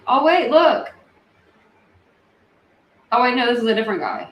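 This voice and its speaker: A woman's voice: fairly high pitch, expressive, normal speed. A woman hosting a casual livestream, chatting and reading viewer comments with lots of fillers and open feeling. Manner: chatty, emotional, many fillers. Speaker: livestream host. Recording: echoey room with faint ambient noise.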